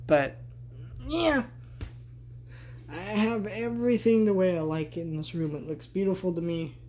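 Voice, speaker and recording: A man's voice: high-pitched, unhurried, noisy background. Rambling young man giving a room tour. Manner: rambling, sarcastic asides. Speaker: vlogger. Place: bedroom, indoors.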